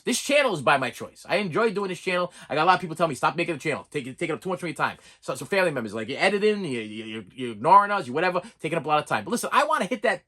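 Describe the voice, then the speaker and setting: A man's voice: high-pitched, bright, forceful tone. A middle-aged man talking candidly to camera on his own channel, rambling and venting with frequent restarts and dry jokes. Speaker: channel host. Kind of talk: candid vlog monologue.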